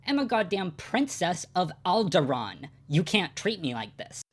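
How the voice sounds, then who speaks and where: Man putting on a bratty yelling little princess. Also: sits high, very animated, measured pace, pitched above the performer's own voice, full character voice. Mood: indignant yelling. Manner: yelling, indignant.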